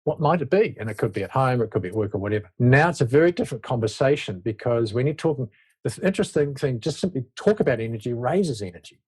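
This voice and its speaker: A man's voice: medium pitch, lively intonation, quick pace, darkish tone, slightly rough. A man speaking as a leadership expert guest in an interview, explaining his ideas in a reflective, loose way and often restarting his sentences. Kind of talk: conversational interview talk.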